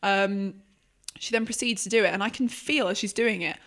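A woman's voice: mid-range voice, normal speed, a bit bright. A young woman co-hosting a podcast, telling a self-deprecating story with lots of "um"s. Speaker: podcast co-host. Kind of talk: casual storytelling.

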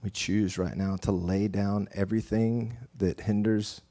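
A man leading a slow, hushed guided prayer meditation, sometimes dropping to a whisper. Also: lowish voice, steady tone.

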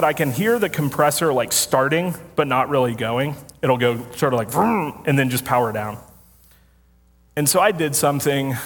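A man preaching a sermon as a pastor, telling a story in a casual, self-deprecating way and laughing often. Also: medium pitch. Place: church sanctuary with congregation. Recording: long hall reverb.

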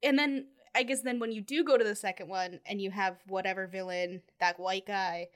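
A woman co-hosting a casual movie podcast, animated, laughing often and trailing off mid-thought. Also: medium pitch, normal speed. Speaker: podcast co-host. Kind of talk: casual movie-review chat.

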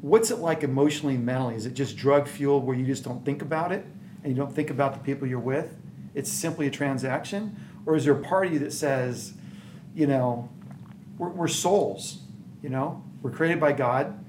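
A man's voice: medium pitch, moderate pace. A man hosting a faith-based interview, asking probing, searching questions. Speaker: interview host. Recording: distant mic with audible hiss.

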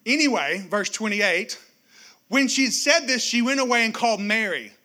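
Pastor preaching, high bright voice, goes loud then really quiet. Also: male voice, expressive, normal speed. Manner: preaching with wide swings from loud to hushed. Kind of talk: sermon.

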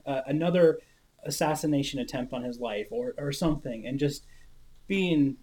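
A man in casual conversation about faith, speaking thoughtfully with halting pauses and fillers. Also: mid-range voice, darkish tone.

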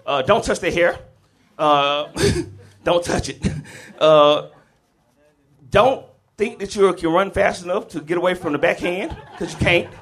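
A man from the Southern US tells a funny personal story before a live audience. His talk is animated and loose, and he often chuckles. His voice sits a touch high for a man. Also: measured pace, long pauses.

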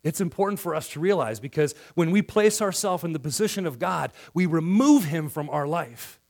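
A pastor delivers a sermon in a somewhat high voice. He acts out quoted lines and swings from loud, excited passages to hushed ones. He speaks to a congregation in church. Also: normal speed.

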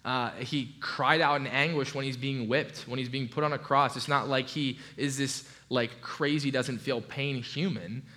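Male pastor, mid-pitched, conversational sermon delivery with asides. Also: fairly even intonation, normal speed, hardly any pauses, sharp tone. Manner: casual conversational preaching with restarts and asides.

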